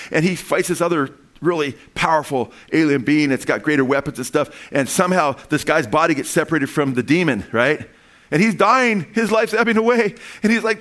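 A man preaching a sermon in a loose, conversational way, often restarting phrases and building to excited emphasis. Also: high voice. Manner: animated and conversational, with frequent restarts and rising emphasis. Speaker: pastor.

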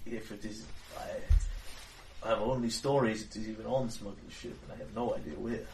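A man's voice: on the low side, fairly even intonation, moderate pace, vocal fry, a little mellow, voice pushed down. A man putting on a laid-back islander with a Jamaican lilt. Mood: easygoing. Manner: easygoing, calls everyone "Mon". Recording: roomy distant recording, faint hiss.

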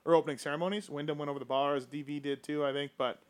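A man with a slightly high voice hosts a casual podcast, running through the latest news in a quick, chatty way. He moves fast from point to point and stops to give shout-outs. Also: fairly even intonation, clean tone. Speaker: podcast host. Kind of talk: casual chat about motocross racing.

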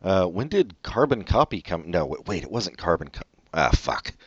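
A man's voice: sits low, very animated, moderate pace, husky, dry recording. A man co-hosting a casual film podcast, rambling and trailing off, swearing when he slips. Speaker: podcast co-host. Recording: dry, dull lo-fi sound.

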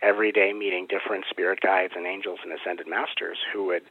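A man's voice: sits low, little pitch movement, fast talker, slightly rough, no echo. A man answering interview questions in earnest, flowing explanations about spiritual matters. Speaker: spiritual teacher and guest. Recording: tinny phone-like line.

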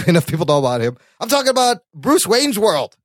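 A man co-hosting a podcast in casual chat. He is chatty and animated, laughs often and swears casually. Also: high voice, fairly quick, no echo, studio quality. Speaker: podcast co-host.

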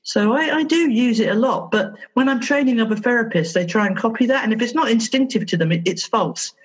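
A woman therapist being interviewed on a podcast, telling stories with lively, animated delivery and acting out her exchanges with children. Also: a little high, brisk, breathy edge, muffled recording. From England. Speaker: therapist guest.

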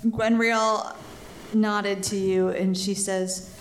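A woman game master narrates a tabletop adventure to her players on a convention stage. She describes the scene in an unhurried, hesitant way, pausing to pick her words. Her pitch sits in the middle, and a faint hiss runs under her voice. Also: level tone. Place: convention stage before a live audience.

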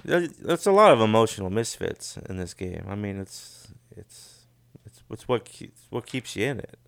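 A middle-aged man co-hosting a casual chat, relaxed and chuckling often, trailing off into mumbles. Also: on the low side, moderate pace, gravelly, no room sound.

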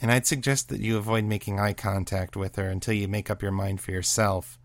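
A man reading the part of a blunt, no-nonsense female homicide detective, brisk and exasperated. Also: fairly low pitch, little pitch movement, no room sound, close to an everyday voice. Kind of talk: audiobook reading of a serial story.

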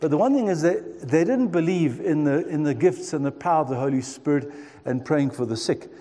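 A man in his sixties gives a heartfelt sermon, recounting his own story and turning to his listeners. His voice sits a bit high but sounds mellow and warm, with a long reverb trailing off each phrase as in a large hall. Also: lively intonation, a little fast. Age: 60s. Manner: earnest storytelling, addresses the listeners. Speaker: preacher. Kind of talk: sermon testimony.

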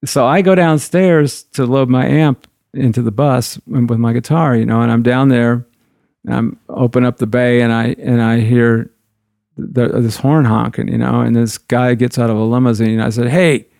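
Gravelly guy rambling thru old tour stories, loose and chatty, dry close sound. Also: medium pitch, fairly even intonation, normal speed, darkish tone, no echo. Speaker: guitarist. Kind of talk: anecdotal storytelling.

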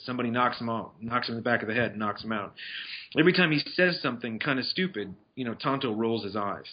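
A man's voice: mid-range voice, animated, fast. A man talking casually about films he has seen, rambling with restarts and fillers. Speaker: film reviewer. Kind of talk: casual movie review chat. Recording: dull lo-fi sound.

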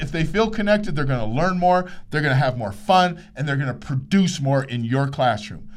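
A man hosting a podcast, telling a coaching story in an earnest, emphatic way and acting out the dialogue. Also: a little high. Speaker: podcast host, coach educator. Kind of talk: motivational storytelling monologue.

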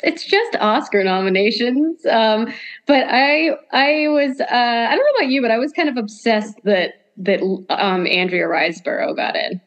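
A woman co-hosting a casual podcast, telling halting stories and giggling often. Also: on the high side. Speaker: podcast co-host.

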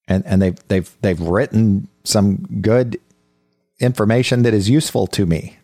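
A man with a very deep voice gives a conversational Bible teaching on his podcast. He speaks earnestly and haltingly, often repeating words as he restarts his sentences. The sound is dry, with no room echo. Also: fairly even intonation, mellow, faint music behind.

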